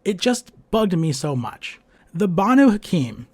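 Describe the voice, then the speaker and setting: A man's voice: sits high, big pitch swings, a little slow, darkish tone, breathy edge. A man giving a profane, exasperated casual rant about a video game.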